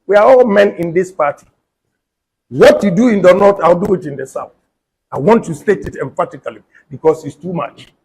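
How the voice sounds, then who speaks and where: A man's voice: sits high, animated, normal speed, darkish tone, slightly rough, low-quality recording. A Ghanaian man, a politician, making an emphatic, combative political statement and repeating points for stress.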